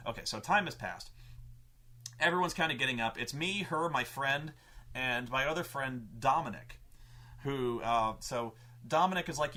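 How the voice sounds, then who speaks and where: A man's voice: medium pitch, animated, normal speed, sharp tone. A man telling a tabletop gaming story in a casual, profane, rambling way, full of restarts and stammered repeats. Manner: profane and emphatic. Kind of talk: casual anecdote.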